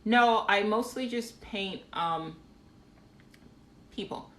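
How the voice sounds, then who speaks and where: A woman's voice: medium pitch, slow pace, fairly bright tone. A woman painter chatting on a live phone stream, rambling casually with lots of ums and reading viewer comments aloud. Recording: echoey room.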